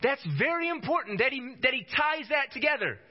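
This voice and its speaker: A man's voice: very high-pitched, expressive, fairly quick. A man preaching a sermon with emphasis, often repeating phrases to drive his points home. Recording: dull lo-fi recording.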